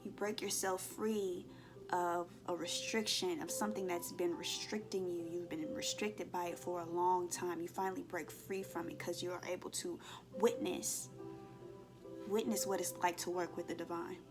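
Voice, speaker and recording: A woman's voice: lowish voice, normal speed. A woman giving a spiritual card reading to her viewers. She talks earnestly and emotionally, and keeps checking in with "okay?". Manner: emotional, expressive, acts out inner voices. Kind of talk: collective tarot-style reading to viewers. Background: soft background music.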